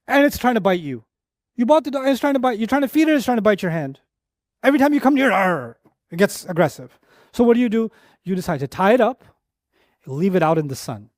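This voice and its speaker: Male Quran teacher, middle-aged, lecture sermon; lifted pitch, story-driven and emphatic. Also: dry recording, clean studio sound. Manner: animated storytelling with quick asides and repetitions.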